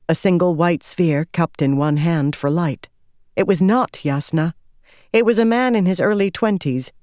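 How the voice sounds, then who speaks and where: A woman reading a fantasy audiobook in measured, scripted narration. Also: low voice, darkish tone, no echo, clean studio sound.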